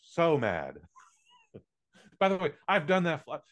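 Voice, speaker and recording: A man's voice: on the high side, huge pitch swings, slow, a bit bright. A man co-hosting a casual podcast, ranting bluntly with plenty of swearing. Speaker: podcast co-host. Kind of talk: casual chat.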